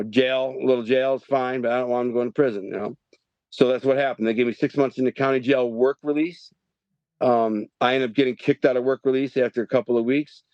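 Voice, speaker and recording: Middle-aged man, guest storyteller, animated and rambling, dry, slightly dull mic. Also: mid-range voice, no echo. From Detroit, Michigan. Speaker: podcast guest. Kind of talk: storytelling interview.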